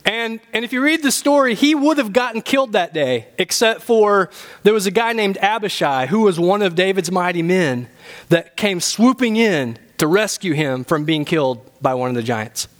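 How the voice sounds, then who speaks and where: High-voiced man preaching a lively sermon. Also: moderate pace. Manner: animated, humorous preaching with rising emphasis. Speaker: pastor. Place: church.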